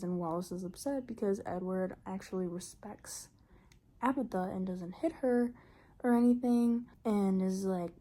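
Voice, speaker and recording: A young woman vlogger casually recapping a novel in a chatty, exasperated, animated way. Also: medium pitch, normal speed. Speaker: book vlogger.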